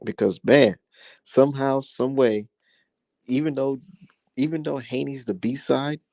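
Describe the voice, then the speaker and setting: A young man hosting his own boxing commentary, talking casually in a heated, profane rant that climbs high when he gets worked up. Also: fairly even intonation, measured pace, creaky, darkish tone, no echo.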